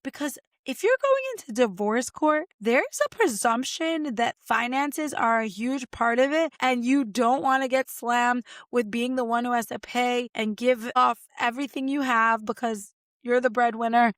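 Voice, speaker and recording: A woman lawyer hosting a podcast, giving chatty, expressive legal commentary and talking straight to her listeners. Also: a little high, measured pace, no room sound, studio quality.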